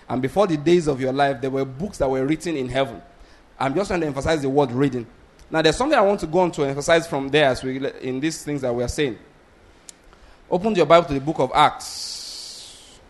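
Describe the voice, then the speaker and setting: A man preaching a sermon, blunt and animated, often asking the congregation whether they get his point. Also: medium pitch. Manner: animated, blunt, asks the congregation rhetorical questions; laughs between points, restarts sentences.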